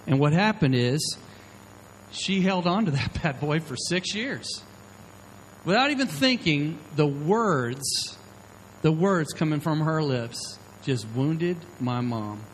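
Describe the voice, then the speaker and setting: Speaking slowly in a fairly high voice, this man preaches into a handheld mic before a live audience, telling sermon stories. He's animated and voices the people in his tales, though the poor audio carries a little hiss or hum.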